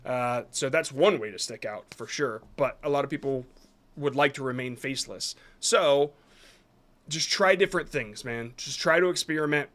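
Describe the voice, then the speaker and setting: A man's voice: mid-range voice, moderate pace, fairly bright tone. A man reviewing viewers' short videos on a live stream, talking casually and rambling a bit as he gives frank advice.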